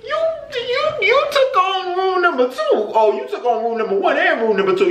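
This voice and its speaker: A man reading out viewer confessions in a casual reaction vlog, blunt and profane, jumping between squealed outbursts and low mutters. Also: very animated, brisk, few pauses, a bit bright, roomy sound.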